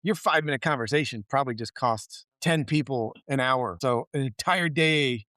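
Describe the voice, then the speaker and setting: A man co-hosting a podcast, telling workplace stories in an animated, loose way and swearing freely. His voice sits at an ordinary middle pitch. The sound is dry and close. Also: moderate pace, no echo. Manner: animated storyteller, swears freely, acts out quotes. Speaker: podcast co-host. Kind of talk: casual chat.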